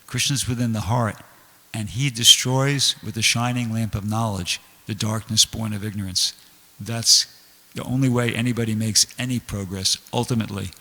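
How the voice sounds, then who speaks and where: A man's voice: lowish voice, pushed and bright. A man giving a conversational, earnest scripture class in a temple hall, reading and explaining quotes. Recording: reverberant hall.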